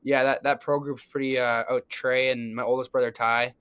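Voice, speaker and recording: A man's voice: medium pitch, level tone, moderate pace, a bit bright, smooth. A young man, a hockey player guest on a podcast, talking casually and hesitantly with many fillers. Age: young adult. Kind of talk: casual chat.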